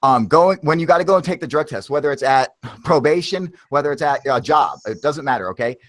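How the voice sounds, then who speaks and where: Man host, swears constantly, rambles with force, voice sits a bit high. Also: expressive, brisk, fairly bright tone. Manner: heavy swearing, rambling and emphatic. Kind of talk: casual live chat.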